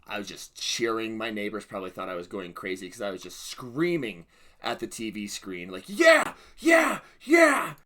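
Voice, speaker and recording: A man hosting a reaction and review video, excitable and prone to loud exclamations. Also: on the low side, fairly quick. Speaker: reaction channel host.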